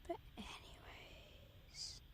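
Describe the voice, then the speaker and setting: A Scottish woman hosting a live planespotting stream, rambling chattily and often dropping to a half-whisper. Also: extremely slow. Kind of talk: casual live-stream chat.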